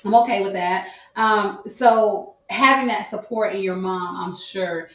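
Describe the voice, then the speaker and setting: A woman hosting a podcast, asking questions in a relaxed way and agreeing often. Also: mid-range voice, unhurried. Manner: agreeable, many short affirmations. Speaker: podcast host. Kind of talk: casual interview chat. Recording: roomy echo.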